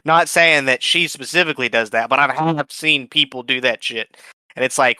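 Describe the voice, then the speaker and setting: Man, podcast guest, casual storytelling, blunt, profane, animated quotes, bright forceful voice, dry sound. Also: normal speed, clear, resonant tone, no echo. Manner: animated, acts out quotes with big pitch jumps.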